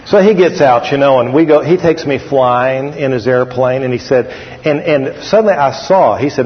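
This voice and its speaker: Folksy preacher in a hall. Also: male voice, fairly high pitch, brisk. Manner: folksy, repeats phrases, calls on the congregation. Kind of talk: sermon storytelling. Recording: dull echoey hall recording.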